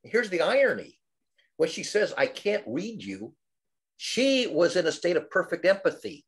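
An older man in a casual group discussion, telling wry stories in a lively, animated way. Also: high-pitched, moderate pace. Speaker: study group participant.

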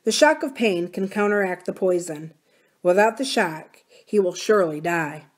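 A woman's voice: on the low side, animated, moderate pace. Old rancher, earnest and grave, read by a woman. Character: wise old male Irish-born rancher, gentle.

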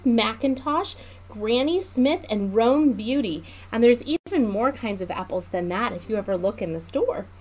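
A woman children's librarian leading a preschool storytime, reading a picture book aloud. Her voice is high and swoops up and down in a sing-song, teacherly way, and she speaks slowly and clearly for little listeners. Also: darkish tone.

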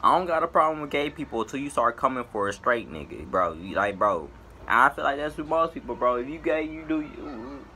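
A man with a bright, forceful voice rants to his viewers in an exasperated, profane vlog. His pitch climbs high and drops low again as he vents, and a faint hiss sits under it. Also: expressive, a little fast. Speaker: vlogger. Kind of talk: ranting to camera.

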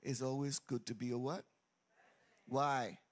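In a church sanctuary, a pastor delivers an exuberant sermon, teasing his congregation and calling out to them in a sing-song style as they respond. His voice sits in the mid-range and moves a little slowly, with a faint crowd of churchgoers audible behind him.

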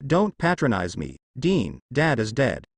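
A man's voice: mid-range voice, huge pitch swings, unhurried, no echo, exaggerated voice. A man voicing a weary, grieving young man who keeps pressing his brother with earnest questions. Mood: frustrated.

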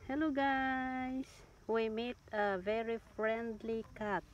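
Woman vlogger, high voice, slow and repetitive coaxing baby talk. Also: flat delivery, dull audio. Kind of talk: casual vlog, talking to a cat.

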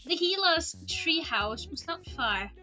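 A woman streamer reading a book aloud in a relaxed way, dropping small casual asides. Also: very high voice, slow, faint music behind. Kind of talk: storybook read-aloud.

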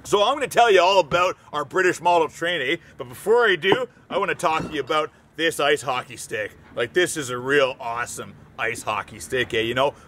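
A man's voice: on the high side, animated, fast talker, fairly bright tone, slight background noise. A man putting on a folksy, rambling stereotype of a Canadian guy who drawls and ends his lines with "eh".

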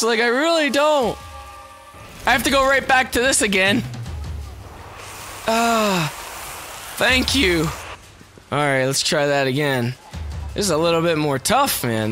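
Young man, let's play commentator, excitable, swearing, unhurried talk between shouts, game music under him. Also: very high voice. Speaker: gameplay commentator.

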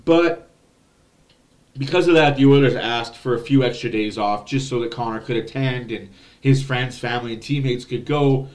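A man hosting a post-game hockey recap podcast, excitable and blunt, swearing freely. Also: mid-range voice, normal speed. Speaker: podcast host.

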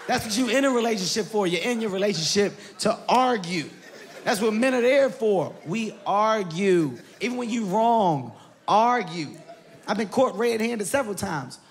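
A man doing stand-up comedy, brash and loud, swinging into shouts. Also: sits high, expressive, moderate pace, some chatter behind. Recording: live show with laughing audience.

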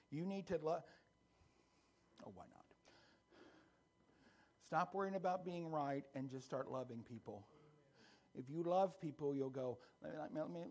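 A man pastor preaching a conversational sermon that builds into a loud, fervent closing prayer. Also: fairly high pitch, breathy edge. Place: church sanctuary.

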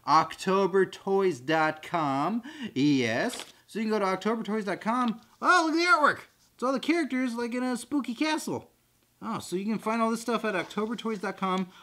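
A goofy, excitable man hosting an unboxing vlog with jokey chatter. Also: high-pitched, normal speed.

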